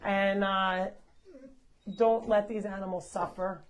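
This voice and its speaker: A woman's voice: mid-range voice, fairly even intonation, slow, a little hiss or hum. A woman hosting a live sanctuary tour, chatting and laughing as she walks among the animals, coaxing and scolding them. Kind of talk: casual live tour narration. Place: walking around a farm sanctuary, indoors and outdoors. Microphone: wearing a microphone.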